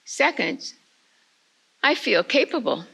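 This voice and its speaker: An older woman giving a retreat talk, telling a family story in a slow, measured way. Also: on the high side, very animated, creaky, sharp tone, breathy edge, low-quality recording. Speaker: retreat speaker.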